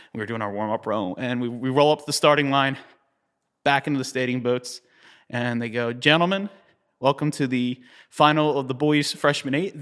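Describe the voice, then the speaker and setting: A man in his thirties from New Jersey, telling a long story as an interview guest. He talks in a lively way, chuckles often and uses many fillers. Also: medium pitch. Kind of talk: conversational storytelling.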